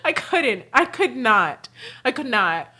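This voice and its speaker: A young adult woman hosting a livestream, telling family stories in a casual, animated way and laughing often mid-sentence. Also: a little high, takes it slowly, breathy edge. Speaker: livestream host. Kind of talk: casual storytelling chat.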